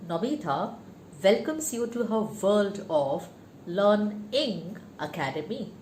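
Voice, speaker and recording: Female teacher, slow and expressive, lesson on word stress. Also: medium pitch, a little hiss or hum. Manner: slow, careful, reads example words twice. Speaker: English teacher. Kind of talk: pronunciation lesson.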